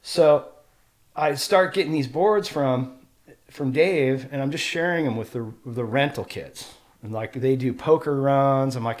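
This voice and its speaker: A middle-aged man from Washington State tells a long story as a podcast guest. His voice sits in a middle pitch but leaps high and loud whenever he acts out what someone said, then drops back to an easy, casual telling. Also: normal speed. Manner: animated storyteller who acts out quotes with jumps in pitch and loudness. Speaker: podcast guest, pro snowboarder.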